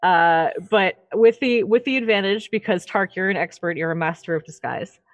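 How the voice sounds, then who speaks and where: A woman's voice: medium pitch, moderate pace, dry recording. A woman narrating a tabletop game as game master, chatty with many fillers and laughs.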